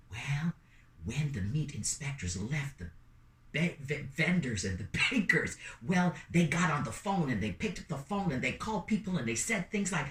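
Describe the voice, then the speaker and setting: Lively woman storyteller, roomy sound. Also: low-pitched, moderate pace, recorded from a distance. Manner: lively, playful, calls out to listeners. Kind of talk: animated oral storytelling. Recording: roomy sound from away from the mic.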